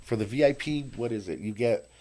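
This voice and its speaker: A man's voice: fairly low pitch, animated, a little fast, a little mellow. A man, a podcast guest, talking casually in a small studio, swearing a lot and ending lines with a tag question. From New Mexico, South Valley. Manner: laid-back, swears a lot, tags lines with "eh". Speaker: guest, event organizer. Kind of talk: casual chat.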